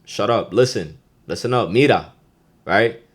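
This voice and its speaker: A man with a New York accent hosting a podcast, teaching slang in a loose, profane, animated way and getting loud when he acts out phrases. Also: on the low side, unhurried, slightly rough. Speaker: podcast host. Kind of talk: casual podcast lesson.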